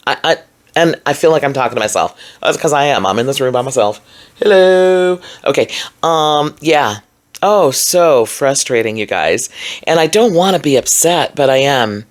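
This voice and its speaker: A woman's voice: deep voice, lively intonation, measured pace. A woman recording a solo video commentary alone in a room, talking in a frustrated, emphatic and rambling way with many fillers. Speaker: vlogger.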